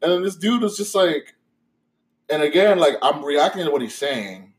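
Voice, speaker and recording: A young man hosting a podcast, telling a story in casual chat, animated and profane, with many fillers. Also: on the high side, normal speed. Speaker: podcast host.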